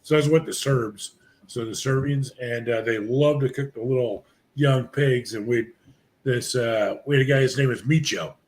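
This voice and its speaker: A man's voice: medium pitch, normal speed, darkish tone. A middle-aged man, a guest on a barbecue podcast, telling long casual stories full of fillers and restarts. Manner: rambling anecdotes with many fillers and restarts. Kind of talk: casual storytelling chat.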